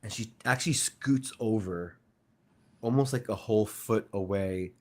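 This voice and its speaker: A man narrating his character's actions in an actual-play tabletop game, unhurried, with casual fillers. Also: lowish voice, a little mellow. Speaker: player.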